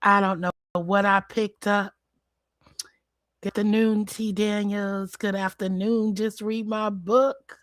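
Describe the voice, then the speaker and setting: Hoarse woman, slow chatty livestream host. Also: medium pitch, little pitch movement, no echo, studio quality. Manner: chatty, greets viewers by name, calls them baby. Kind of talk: casual livestream chat.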